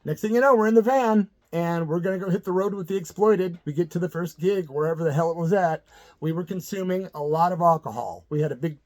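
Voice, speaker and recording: Middle-aged Midwestern man, slightly high voice, chatty and rambling, casual channel host storytelling. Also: fast, a little mellow. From Midwestern United States. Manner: rambling, chatty, full of fillers and asides.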